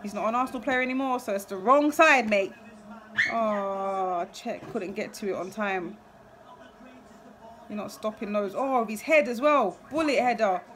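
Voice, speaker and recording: A woman's voice: medium pitch, moderate pace, a bit bright, a little hiss or hum. A young woman, a football fan giving a live, emotional match reaction full of exclamations and repeated phrases.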